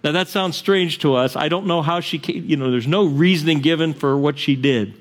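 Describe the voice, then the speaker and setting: Male preacher with a high voice, animated storytelling sermon, acts out characters. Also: brisk. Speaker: pastor.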